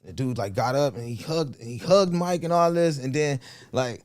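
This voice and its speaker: A man telling a story as a guest comedian in a casual podcast chat, animated and full of slang. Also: mid-range voice, moderate pace.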